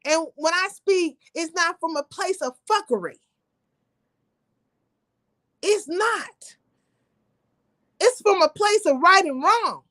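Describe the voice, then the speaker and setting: A woman's voice: very high-pitched, sharp tone, no room sound. A woman hosting a livestream, talking to her viewers in an emphatic, profane, preachy way. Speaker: livestream host. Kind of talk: impassioned livestream rant.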